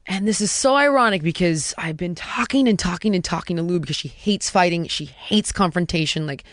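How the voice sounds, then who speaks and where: With a fairly low pitch, a woman in her thirties tells a personal anecdote in relaxed conversation. Animated and forceful, she piles up rhetorical questions and drops to a hush for quoted lines; the recording is clean studio sound without room echo.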